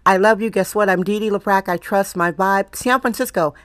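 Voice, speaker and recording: A woman's voice: medium pitch, flat delivery, brisk, noisy background. A woman from Wisconsin hosting a podcast in a casual, chatty monologue, often laughing and repeating herself. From Milwaukee, Wisconsin, US. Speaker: podcast host.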